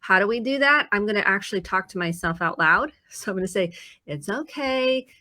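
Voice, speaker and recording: Speaking at a quick pace, the therapist guest, a woman from Indiana in the US, talks through her ideas live on a talk show. Her mid-range voice is expressive, bright and close, with a dry, roomless sound, and she earnestly plays out people's inner self-talk.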